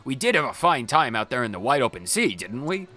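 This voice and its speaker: A man voicing an excitable, loyal young male pirate sailor in a video game playthrough, with a put-on pirate accent. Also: mid-range voice, brisk. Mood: eager.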